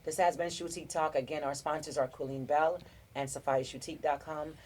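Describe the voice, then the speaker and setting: In a low, steady voice at a moderate pace, a middle-aged podcast host from South Florida offers heartfelt relationship advice during a casual group chat. Her delivery is warm and rambling, with frequent restarts.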